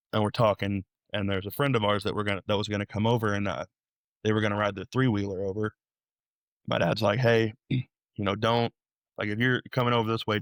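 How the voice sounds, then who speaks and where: A young man recounts his story as a podcast guest. His voice sits low and sounds dry and close to the mic. He talks in an animated, rambling way, often doubling back and restarting his sentences. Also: no echo. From Illinois, USA. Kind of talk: storytelling interview.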